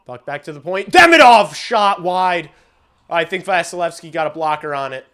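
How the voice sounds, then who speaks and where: Excitable man calling hockey live. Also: on the high side, moderate pace. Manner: excitable, shouts on big plays, swears casually. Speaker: streamer giving play-by-play. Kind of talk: live watch-along hockey commentary.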